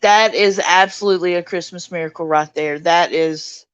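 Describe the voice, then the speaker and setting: A woman hosting a casual livestream chat, reading out viewer comments and answering them warmly. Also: on the low side, fairly even intonation, moderate pace, clean tone, dry recording, highs cut off. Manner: warm, reads out viewer comments and greets chatters. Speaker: livestream host.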